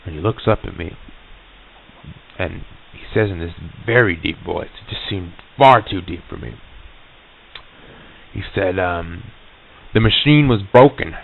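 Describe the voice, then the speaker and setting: Man, deep voice, stammering storyteller, tinny phone-like old tape. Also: vocal fry. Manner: halting, stammering restarts. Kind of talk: recorded storytelling monologue.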